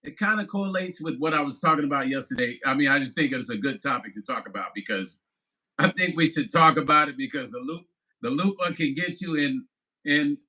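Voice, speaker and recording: Man in his fifties, livestream vlogger, bright tone, slightly high voice, loose and laughing, profane. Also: brisk, breathy edge, low-quality recording. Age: 50s. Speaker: musician vlogger. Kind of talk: casual livestream chat.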